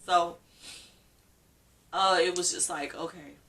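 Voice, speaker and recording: Woman vlogger, bright forceful voice, emotional story-time chat, a little far from the mic. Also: on the low side, fairly even intonation, slow pace. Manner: emotional, repeats herself, chatty storytelling. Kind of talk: casual story-time vlog.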